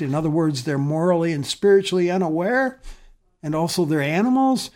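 Man, pastor, sermon, earnest, somewhat high voice, loud emphasis then soft phrases. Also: brisk.

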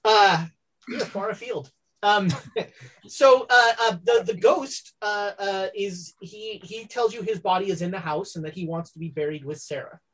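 Husky-voiced woman running a tabletop game. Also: medium pitch. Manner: halting, full of fillers and restarts. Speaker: game master.

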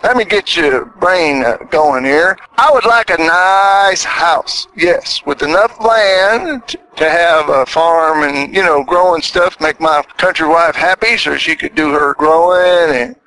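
A man's voice: unhurried, a little hiss or hum, rough recording. An older man talking to listeners in a casual, folksy monologue, asking them question after question. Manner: folksy, chatty, asks the listener lots of questions; animated, swinging between high and low.

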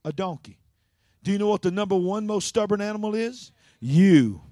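A man preaching a sermon in call-and-response style, swinging from loud to hushed. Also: high-pitched, lively intonation, moderate pace, dry recording.

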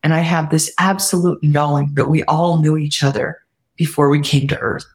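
A woman's voice: sits low, fairly even intonation, moderate pace. Earnest woman telling a heartfelt story. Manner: earnest, heartfelt retelling with quoted dialogue; warm spiritual reflection. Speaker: podcast guest. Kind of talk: personal storytelling interview.

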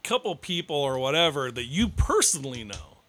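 A man's voice: mid-range voice, sing-song, brisk, a bit bright. A man co-hosting a casual podcast chat, ranting with constant swearing. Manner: profane, ranting, heavy swearing. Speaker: podcast co-host.

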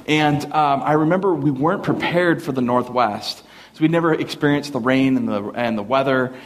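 A middle-aged man delivers a storytelling sermon to a church audience. He is animated and acts out the people in his story by jumping into higher voices. His own voice sits at a middle pitch. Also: normal speed, a little hiss or hum. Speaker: pastor.

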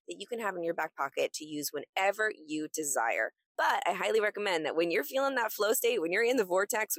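A woman's voice: on the low side, dry recording. Upbeat woman hosting a motivational podcast. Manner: enthusiastic, breezy and encouraging, acts out excited quotes. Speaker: podcast host.

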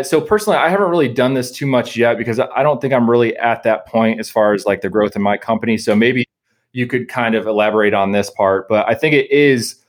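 A man hosting a casual podcast conversation, talking thoughtfully and hesitantly with many fillers. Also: mid-range voice.

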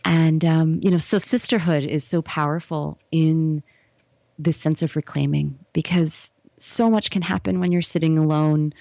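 Woman, interview guest, slow soft storytelling, whispered words, gravelly, dry close sound. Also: deep voice, no room sound. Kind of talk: guided visualization then casual interview talk.

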